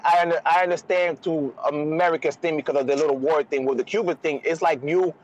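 A man with a high, quick voice talks in a heated podcast chat. He swears freely and drives every point hard. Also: fairly even intonation, lo-fi sound. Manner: profane, emphatic storyteller. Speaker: podcast co-host.

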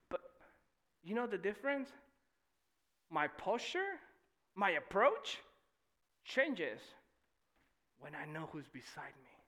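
A young man preaching a sermon in church, animated and swinging from shouting to near-whispers. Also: high-pitched. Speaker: pastor.

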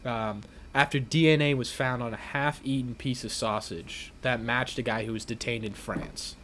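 Profane, excitable man on a podcast. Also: mid-range voice, normal speed, a little hiss or hum. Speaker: podcast co-host. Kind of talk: casual podcast chat.

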